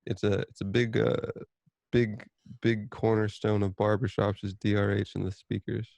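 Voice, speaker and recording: A young man with a lowish voice banters on his podcast, loose and profane. His sound is close and dry, with no room around it. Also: level tone, normal speed, gravelly, darkish tone, dry recording. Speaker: podcast co-host. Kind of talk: casual chat.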